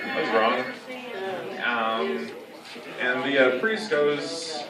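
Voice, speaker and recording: A young man doing a stand-up comedy set, rambling and halting, full of "like" and "you know". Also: mid-range voice, a crowd in the background. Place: comedy club stage. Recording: echoey room, heard from a distance. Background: audience laughter.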